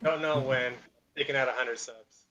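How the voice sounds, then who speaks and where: A man's voice: mid-range voice, steady tone, normal speed, sharp tone, dull audio. A man chatting as a guest on a stream over voice chat, giving short, easygoing replies. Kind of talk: casual chat. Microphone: voice chat over Discord.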